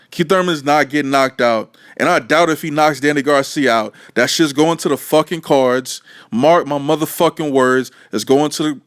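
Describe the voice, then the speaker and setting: A man's voice: fairly high pitch, a bit bright, no echo, studio quality. A man ranting heatedly and profanely about boxing, full of emphasis and swearing. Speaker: boxing commentator.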